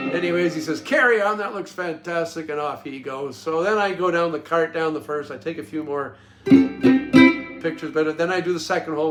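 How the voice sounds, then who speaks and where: A man with a slightly high voice tells a personal story in a casual, animated way, jumping up in pitch to act out what others said. He laughs at his own mistakes, and soft guitar music plays quietly under his voice. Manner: animated anecdote telling, acting out quoted voices; laughs at himself. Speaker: host telling a personal story.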